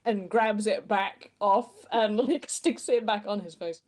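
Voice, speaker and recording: Joking woman player at a tabletop game, giggly, medium pitch, casual. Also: a little slow, darkish tone. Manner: giggly, joking, laughs often.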